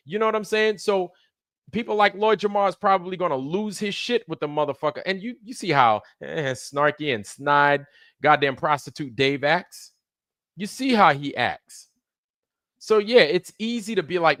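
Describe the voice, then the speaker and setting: A man's voice: a little high, lively intonation, normal speed, fairly bright tone, no echo, studio quality. A man hosting a livestream, delivering heated, profane commentary, repeating himself for emphasis. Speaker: livestream host.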